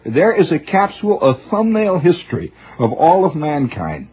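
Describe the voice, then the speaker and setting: A man's voice: a little high, huge pitch swings, normal speed, few pauses, husky. A man telling a rambling, musing story as a radio monologue, with frequent restarts, recorded on a tinny old radio broadcast. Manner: discursive, musing, restarts often.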